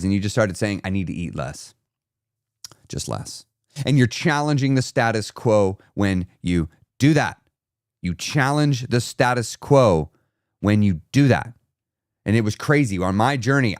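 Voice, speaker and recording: A man's voice: mid-range voice, no room sound, studio quality. A man hosting a weight loss live stream, giving an emphatic, repetitive motivational talk and reading out viewer comments.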